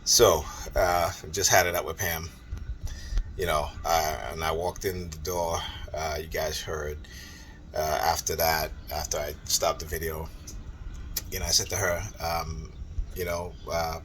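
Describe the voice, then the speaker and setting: A man's voice: deep voice, expressive, normal speed, a bit bright, a little hiss or hum. A man talking casually on his vlog, rambling and repeating himself as he recounts an argument, his voice rising and heating up when he quotes it. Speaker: vlogger.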